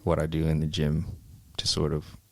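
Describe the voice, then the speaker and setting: A man's voice: rumbling low, completely flat delivery, moderate pace, no echo. A man, a boxer, chatting in a laid-back way with many fillers. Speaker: amateur boxer guest. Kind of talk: casual interview chat.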